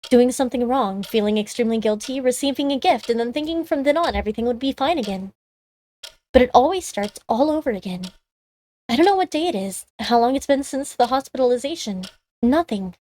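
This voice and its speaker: A woman's voice: fairly high pitch, lively intonation, a little fast, dark tone. A woman streamer reading a story game aloud and chatting about it, with many casual fillers. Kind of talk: reading a visual novel aloud and commenting.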